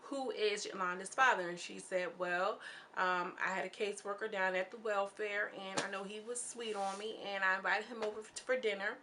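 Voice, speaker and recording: A woman's voice: fairly even intonation, a little fast, sharp tone, a little hiss or hum. Chatty young woman recapping a show. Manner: chatty and candid, acting out quoted lines with swings in pitch. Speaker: YouTube reality-show recapper. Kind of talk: casual recap commentary.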